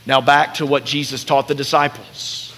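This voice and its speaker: Bright-voiced male pastor preaching. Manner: animated, acts out quoted voices with rising pitch and volume; drops soft and slow at tender points. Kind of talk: sermon.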